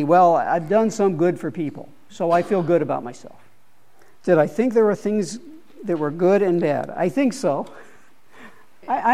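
High-voiced man leading a Bible study. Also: warm tone. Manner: hesitant, repeats words, thinks aloud.

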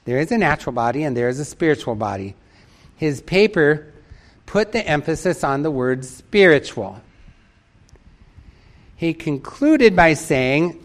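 A man's voice: a little high, very animated, unhurried, long pauses. A man preaching a sermon in an emphatic way, repeating key phrases for stress and reading out a story.

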